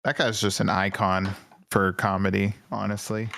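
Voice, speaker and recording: A man's voice: lowish voice, flat delivery, normal speed, creaky, fairly bright tone. A man co-hosting a podcast in casual chat, easygoing and agreeable, with a lot of hesitant fillers. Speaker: podcast co-host.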